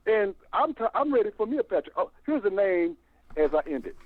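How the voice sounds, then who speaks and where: An older man calling in by phone to a fan show, talking in a long, animated, stammering rant. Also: sits high, fairly quick, no room sound. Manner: animated, repeats himself, stammering restarts. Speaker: phone-in caller. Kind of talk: rambling call-in rant. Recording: tinny phone line, dry.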